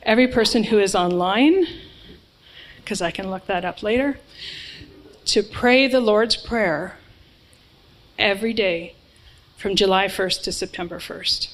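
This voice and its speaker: A woman's voice: medium pitch, unhurried, pauses often, low-quality recording. A woman preaching a sermon to a congregation, earnest and emphatic, with informal asides. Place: church hall with a live congregation.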